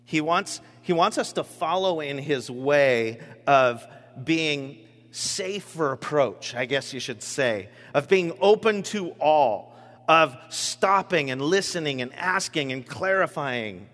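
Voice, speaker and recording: A bright, forceful male pastor preaching in a relaxed, conversational way, circling back and restarting his phrases as he goes. His voice sits a little high for a man and carries a long reverb from the church hall. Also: slow. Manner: conversational, animated, with many restarts. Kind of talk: sermon.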